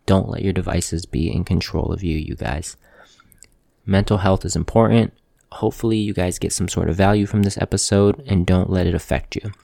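A man who works as a tattoo artist, hosting a motivational talk to camera in a calm, earnest, plainspoken way, repeating phrases for emphasis. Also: deep voice, normal speed, creaky, no echo, clean studio sound. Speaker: tattoo artist, show host.

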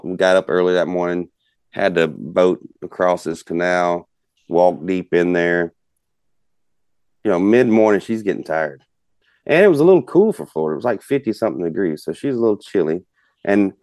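A guest hunter with a low, slightly mellow voice spins a long, folksy hunting story as casual storytelling. He rambles and leans on "you know" a lot, and the recording is close and dry with no room sound.

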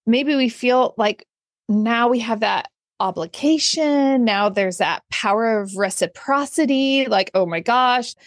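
Earnest, expressive woman podcast host. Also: on the high side, a little slow, no room sound, studio quality. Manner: earnest and expressive, laughs often, acts out quotes. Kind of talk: motivational podcast monologue.

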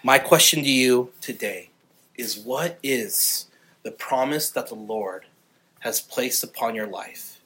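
A male pastor preaching a sermon with earnest passion, growing louder and more fervent on key points. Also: medium pitch, slow.

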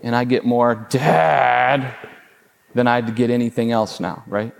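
A man, a father in his thirties or forties, preaching a sermon as a pastor in a relaxed storytelling way, often checking in with "right?". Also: mid-range voice, takes it slowly, gravelly, a little hiss or hum. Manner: conversational, storytelling with frequent "right?".

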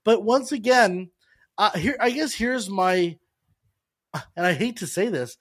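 A man's voice: sits high, expressive, measured pace, a bit bright. A man hosting a casual film review chat, asking questions and often restarting his sentences. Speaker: podcast host.

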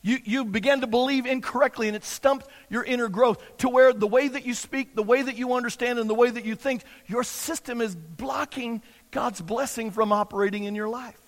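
High-voiced preacher in an echoing hall. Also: male voice, normal speed. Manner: repetitive, emphatic preaching with acted-out quotes. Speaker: pastor. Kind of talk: sermon.

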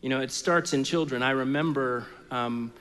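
A middle-aged pastor preaching a sermon in a relaxed, story-telling way, full of fillers and restarts, in a large church hall. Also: male voice, medium pitch, moderate pace, smooth. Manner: conversational storytelling with many fillers. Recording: echoey hall reverb.

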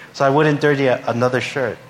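A male pastor telling a humorous story in a sermon, acting out the voices of the people in it. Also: mid-range voice. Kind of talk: sermon anecdote.

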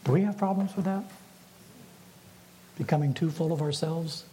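A man, a pastor, preaching a sermon in a measured way and putting rhetorical questions to his congregation. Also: on the high side, dark tone, slight background noise, low-quality recording.

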